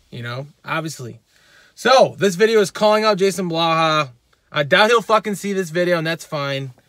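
A man's voice: on the high side, pushed and bright, no room sound, clean studio sound. A male fitness channel host ranting in a vlog, heated and profane, repeating his points.

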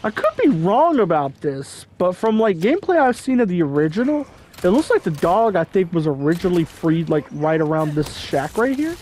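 A man with a fairly high voice chats loosely over his gameplay, hedging his guesses and padding his talk with fillers. He keeps it casual and unscripted. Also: big pitch swings, moderate pace, darkish tone, slight background noise. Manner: rambling, hedging, filler-heavy. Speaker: gameplay commentator. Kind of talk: casual game commentary.

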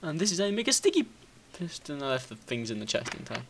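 A man talks his way through a video game, muttering plans to himself and swearing when things go wrong. He keeps an unhurried pace, then jumps up into bright, squealing bursts of excitement. His voice is lively, swinging widely in pitch, and slightly high. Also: vocal fry, husky. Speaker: gaming video host. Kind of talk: casual gameplay commentary.

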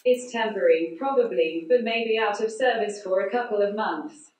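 A woman giving a conference talk through a speech synthesizer, so her voice is a flat, synthetic computer voice with no intonation. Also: medium pitch, moderate pace. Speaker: conference speaker. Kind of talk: prepared talk read out by text-to-speech. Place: large conference hall. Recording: echoey hall, voice from far off.

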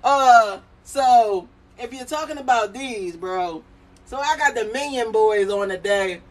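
High-voiced excitable man hosting a live stream. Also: measured pace, dry recording. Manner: excitable, laughing, repeats catchphrases; hype, playful banter with viewers. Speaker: sock printing business owner. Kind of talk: live stream, reading viewer comments.

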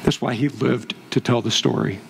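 A man's voice: medium pitch, normal speed, gravelly, a little hiss or hum. A man preaching a sermon as pastor, telling a story and building to impassioned peaks. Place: church sanctuary. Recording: long hall reverb.

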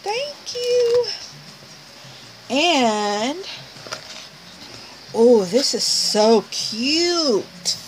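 A woman slowly unwraps gifts and chats to the camera, gushing over every item. Her voice is on the high side and swoops a lot, with a faint hiss behind her. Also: sing-song, low-quality recording. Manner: talks to the camera and the sender. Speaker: craft vlogger opening mail. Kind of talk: casual unboxing chat.

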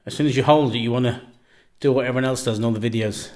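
A man casually reviewing a knife outdoors, relaxed and rambling, often repeating himself and trailing off into a quiet murmur. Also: medium pitch, very fast. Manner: relaxed, repeats himself, stumbles over words. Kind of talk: casual product review vlog.

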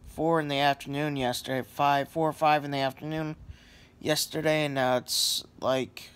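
A man's voice: on the high side, little pitch movement, moderate pace, fairly bright tone, clean tone. A sleepy man lying on a couch at home, rambling in a casual vlog with lots of fillers and apologies. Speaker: vlogger.

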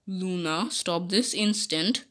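A woman's voice: fairly low pitch, slow. A woman voicing a stern elder pony princess who scolds in firm commands. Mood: scolding.

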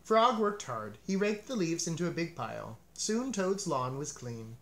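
A man reading a children's storybook aloud as narrator, with a gentle, expressive manner. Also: fairly high pitch, measured pace. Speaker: storybook reader.

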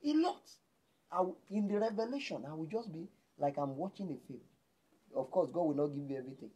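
A man's voice: fairly high pitch, quick pace, slightly rough. Emphatic Nigerian male preacher. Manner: emphatic, swings between loud exclamations and hushed lines. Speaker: pastor. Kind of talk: sermon.

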